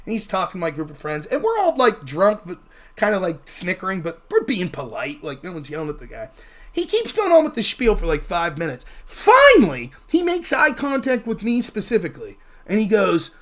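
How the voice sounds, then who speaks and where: A man's voice: sits high, huge pitch swings, fairly quick, a bit bright. A man hosting a livestream and telling a long, rambling story in a casual, profane way. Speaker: livestream host.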